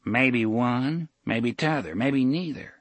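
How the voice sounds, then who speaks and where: A man voicing a rough, menacing young frontier thug with old-fashioned rustic speech. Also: medium pitch, takes it slowly, a bit bright, dry recording. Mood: sardonic.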